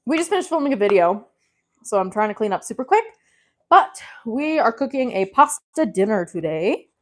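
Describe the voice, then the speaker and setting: A woman's voice: fairly high pitch, sing-song, normal speed. A woman vlogging casually from her home kitchen, out of breath and frazzled, chatting to herself as she gathers things. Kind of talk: casual cooking vlog chat.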